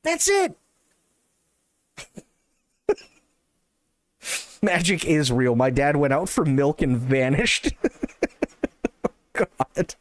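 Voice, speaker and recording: A man's voice: on the high side, big pitch swings, extremely slow, long pauses. A male streamer ranting in casual, profane, sarcastic chat on a live stream.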